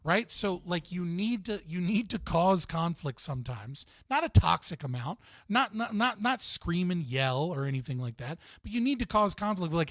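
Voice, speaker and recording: A man's voice: high voice, expressive, normal speed, few pauses, a bit bright, no room sound. A man giving blunt, profane, rambling relationship advice in casual podcast talk.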